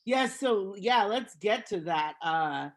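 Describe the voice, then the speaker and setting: A woman's voice: mid-range voice, expressive, takes it slowly. Woman podcast co-host with a mid-range voice; dry, sarcastic quips. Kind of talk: casual recap chat.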